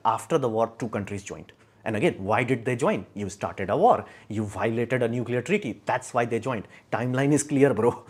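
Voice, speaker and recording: Man, young adult, from India, livestream host, blunt, argumentative, rambling. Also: medium pitch. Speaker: live stream host. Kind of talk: casual livestream rant.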